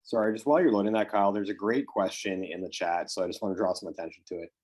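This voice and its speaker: Deep-voiced male webinar co-host. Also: steady tone, darkish tone. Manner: quick, informal, with "uh" and "um" fillers. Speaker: co-host relaying chat questions. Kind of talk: live webinar chat.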